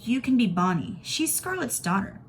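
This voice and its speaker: A lively girl of about ten answers her little sister briskly, with a scoffing edge, as a woman reading aloud plays her. The voice sits a little higher than the reader's own. It is read from a children's storybook. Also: slight background noise. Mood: bossy.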